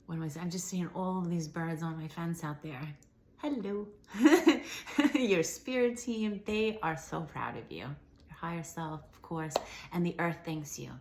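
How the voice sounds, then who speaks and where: A slightly hoarse woman giving a gentle, affirming spiritual message to viewers, sometimes dropping to a whisper. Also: fairly low pitch, measured pace. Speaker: spiritual channeler. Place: at home.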